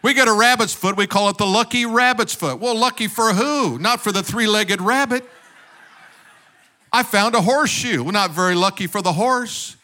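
A man's voice: high-pitched, moderate pace, bright, forceful tone. A male pastor preaching a sermon emphatically, firing rhetorical questions, calling out for amens and tossing in joking asides to the congregation.

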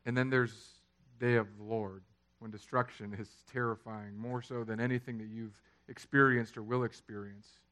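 A man, preaching a sermon that swings from loud, emphatic lines to quiet, low ones. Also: fairly even intonation, normal speed. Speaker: pastor.

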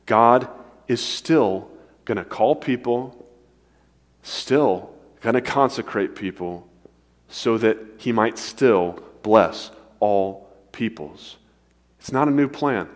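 Preaching man in a reverberant hall. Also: lowish voice. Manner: dynamic delivery, swinging between emphatic and hushed. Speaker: pastor. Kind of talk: sermon. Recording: long reverb of a large hall.

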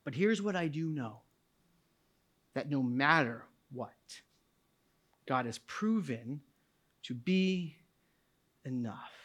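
A man preaching a sermon to a church congregation, moving between quiet reflective passages and loud, shouted climaxes. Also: mid-range voice, lively intonation, slow, pauses often. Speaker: pastor. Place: church sanctuary.

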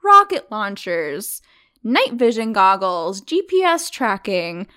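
A woman's voice: mid-range voice, big pitch swings, slow, bright, forceful tone, smooth. A woman, telling a story as a podcast co-host in casual chat, with lots of fillers and laughs. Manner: chatty, laughs often, many fillers.

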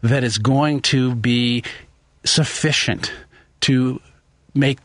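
Halting man commenting, dry close sound. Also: medium pitch, steady tone, dry recording. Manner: halting, many restarts and fillers, thoughtful. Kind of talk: spoken opinion commentary.

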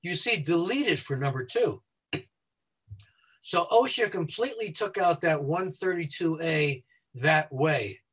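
Husky man speaking fast and explaining. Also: on the high side, expressive, fairly bright tone, rough recording. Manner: talks quickly and explains things step by step. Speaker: safety consultant. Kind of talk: guest explaining a website walkthrough.

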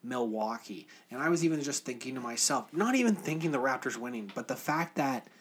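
Excitable man in casual sports chat. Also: mid-range voice, fairly quick, slight background noise. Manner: excited, run-on talk with restarts.

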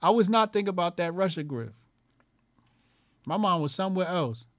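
A man's voice: high-pitched, expressive, normal speed, no room sound, studio quality. Foul-mouthed man ranting on his show. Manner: crude, swears constantly, mocking; emphatic, repeats lines for effect. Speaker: commentary show host. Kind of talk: profane ranting commentary.

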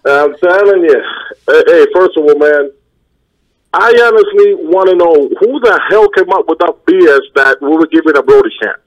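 A man's voice: on the high side, moderate pace. A man with a Connecticut accent calling in to a sports talk show, chatty and emphatic, calling people man and brother. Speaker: caller. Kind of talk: call-in chat. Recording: muffled phone line.

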